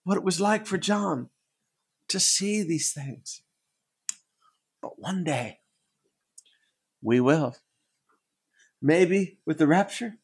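A man preaching a sermon, emphatic and repetitive, dropping from loud declarations to hushed tones and chuckling between points. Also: a little high, slightly rough. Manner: emphatic, repeats words for effect, swings between loud and hushed.

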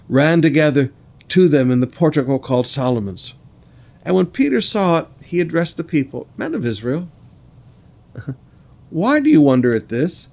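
A man delivers a sermon in a voice pitched a little high. He reads scripture in slow, weighty phrases. Between readings he breaks in with quick, chuckling asides. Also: darkish tone. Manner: reads scripture slowly, then adds quick asides with laughs. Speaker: preacher.

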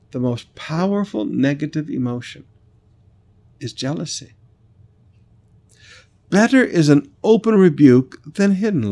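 A man preaching a sermon as a pastor, stressing and repeating lines, slowing down on scripture and telling stories in a conversational way. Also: medium pitch, darkish tone. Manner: conversational storytelling asides.

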